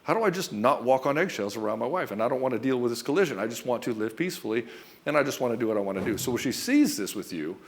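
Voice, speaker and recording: A man's voice: mid-range voice, expressive. Blunt, profane male relationship coach. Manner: blunt and profane, acts out quick mock dialogues between husband and wife. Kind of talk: direct-to-camera coaching talk.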